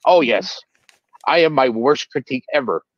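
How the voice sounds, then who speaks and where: A man's voice: mid-range voice, animated, normal speed, dry recording. Earnest father on a dull, lo-fi line. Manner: earnest and defensive, speaking emphatically. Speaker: father interviewed. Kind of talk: interview answers.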